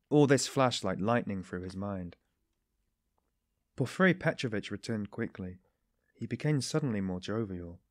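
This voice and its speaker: A man's voice: expressive, moderate pace, pauses often, no echo, studio quality. A man narrating a classic novel audiobook, reading the narration plainly and raising his voice for the characters' lines. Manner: lifts pitch and volume for dialogue, drops low for narration. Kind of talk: scripted narration, single reader voicing all characters.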